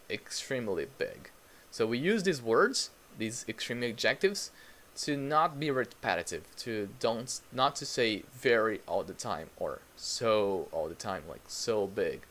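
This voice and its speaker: A man's voice: lowish voice, a bit bright. A man teaching English in a live online lesson, patiently repeating words for learners and greeting viewers in the chat.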